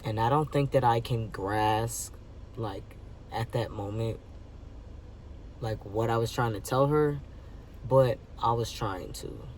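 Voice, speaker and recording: A man telling a personal story on his vlog in a halting, emotional way, with many fillers and restarts. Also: mid-range voice, a little mellow, far from the mic, a little hiss or hum. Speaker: vlogger.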